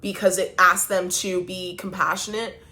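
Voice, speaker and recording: A woman's voice: lowish voice, level tone, moderate pace, sharp tone. A woman vlogger talking casually to her viewers, emphatic and exasperated as she vents. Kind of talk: casual talk to camera.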